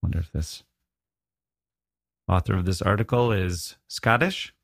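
A man's voice: low-pitched, a little slow, gravelly, no room sound. A middle-aged man hosting a podcast, telling a comic story with wry, musing dry humor. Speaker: podcast host. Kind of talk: comic monologue.

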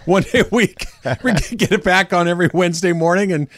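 A man's voice: high-pitched, brisk, fairly bright tone, no room sound. A man co-hosting a sports radio show, making wry remarks and chuckling. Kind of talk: casual sports radio banter. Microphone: studio microphone.

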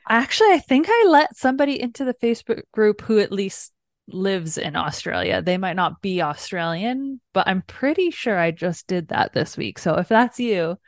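A woman of middle pitch co-hosts a book podcast, chatting in a relaxed, conversational way. Her voice is recorded close and dry. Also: moderate pace, no echo. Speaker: podcast co-host. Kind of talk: casual chat.

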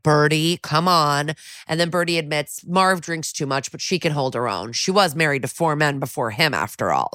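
A woman with a notably low voice recaps a TV episode in a loose, chatty way and slips into quick voices for the characters. She is recorded close to the mic in a dry room. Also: a bit bright, no room sound. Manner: chatty, quotes characters in a few put-on voices. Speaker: podcast co-host.

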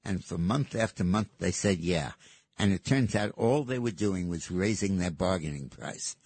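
A man's voice: low-pitched, moderate pace, a little mellow, breathy edge, no echo. A man hosting political talk radio, speaking in an emphatic, sardonic way. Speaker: radio talk show host.

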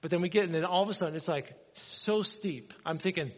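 A middle-aged man preaching a sermon, telling a story with animated energy and acting out the dialogue. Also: sits high, a little fast. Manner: animated, acts out dialogue in his stories. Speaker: pastor. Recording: dull sound with long hall reverb.

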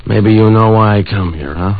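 An actor playing a menacing male hoodlum in a 1940s radio drama, blunt, clipped and low. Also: normal speed, noisy background, lightly acted. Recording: tinny 1940s radio broadcast.

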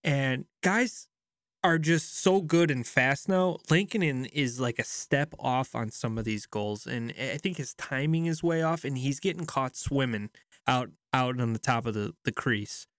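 A man co-hosting a casual podcast, telling stories in an animated way and quick to laugh. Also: medium pitch, no echo, clean studio sound. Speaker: podcast co-host. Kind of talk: casual hockey podcast chat.

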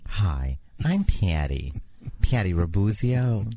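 A man's voice: low voice, big pitch swings, slow pace, warm tone, full character voice. Patty, a brash New Yorker put on by a man. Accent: put-on New York. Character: brash woman with a fake New York accent. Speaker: podcast co-host. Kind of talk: comedic podcast banter.

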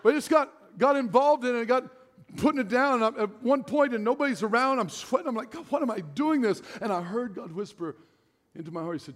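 Speaking at a quick pace in an extremely high voice, a middle-aged man preaches as pastor in a large church hall. His stories poke fun at himself, he laughs frequently, and the hall's reverb lingers.

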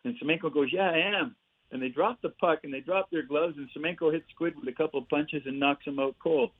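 An older man, a former hockey player and coach, telling lively stories as a podcast guest over a remote line. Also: a little high, quick pace, breathy edge. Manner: lively storyteller, chuckles through punchlines. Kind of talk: casual anecdote-telling. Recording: tinny phone line, dry.

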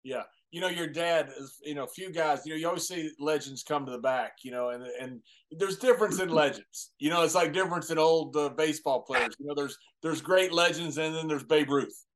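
Relaxed man chatting as host. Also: fairly high pitch, brisk, hardly any pauses. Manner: relaxed, laughs along. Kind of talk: casual chat.

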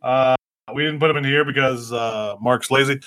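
A man with a mid-range, slightly bright voice speaks at a moderate pace with fairly even intonation. Co-hosting a casual podcast, he reads out listener questions, teasing and swearing, and fills his reading with plenty of ums and uhs.

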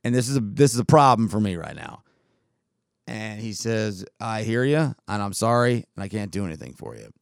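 A man's voice: on the low side, normal speed, vocal fry, dry recording, studio quality. A man hosting his own podcast, telling a long festival story in a casual, rambling way and acting out the dialogue. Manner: rambling, animated retelling with quoted dialogue. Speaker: podcast host.

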